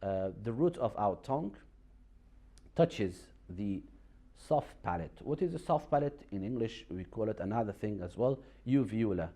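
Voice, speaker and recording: Mellow-voiced man teaching with halting explanations. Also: on the low side, lively intonation. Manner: halting, many fillers and restarts, patient explaining. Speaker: Quran recitation teacher. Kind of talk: TV lesson explaining pronunciation.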